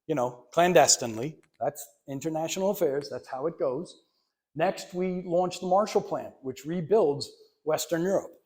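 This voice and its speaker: Male lecturer in his fifties, fairly high voice, conversational and emphatic with wry asides, library talk. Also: a little mellow. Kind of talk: public history lecture. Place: library meeting room.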